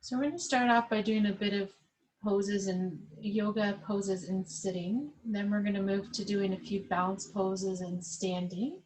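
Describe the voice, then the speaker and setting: A woman yoga instructor leading a class over a webcam, giving calm, slow guided instructions. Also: medium pitch, poor audio.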